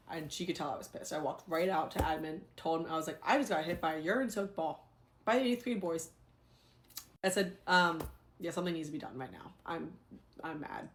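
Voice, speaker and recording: A young adult woman, a former teacher, telling a story in a casual, animated, exasperated way. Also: fairly low pitch, fast talker.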